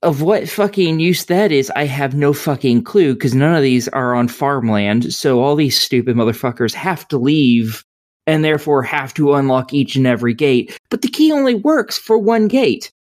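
A woman's voice: rumbling low, expressive, normal speed, a little mellow. A woman co-hosting a podcast, reviewing a video game in casual chat with a rambling, profane, sardonic way of talking.

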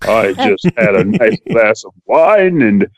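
A man putting on a slow, exaggerated posh voice as a refined, debonair gentleman. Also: on the low side, big pitch swings, no echo, pitched below the performer's own voice, exaggerated voice. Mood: haughty.

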